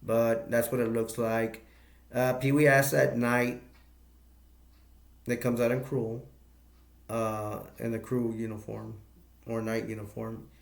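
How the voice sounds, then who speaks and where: A man's voice: medium pitch, little pitch movement, slow, vocal fry, pauses often, echoey room. A man giving a casual, rambling movie review, retelling the plot with many restarts and stops.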